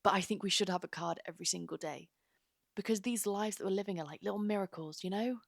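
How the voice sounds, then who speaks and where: Gravelly-voiced young woman podcaster. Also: mid-range voice, fast, dry recording, studio quality. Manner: earnest, rambling with many fillers. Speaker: podcast host. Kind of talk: casual heartfelt podcast monologue.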